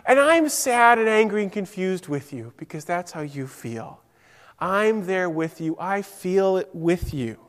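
A man voicing God as a gentle, tender comforter who speaks softly and slowly. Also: sits high, sing-song, long reverb tail. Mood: tender, comforting. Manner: soft, slow, reassuring.

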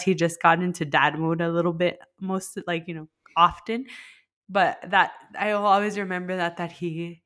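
A woman co-hosting a podcast, talking softly and reflectively in a casual heartfelt chat, with many "like" fillers. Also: lowish voice. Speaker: podcast co-host.

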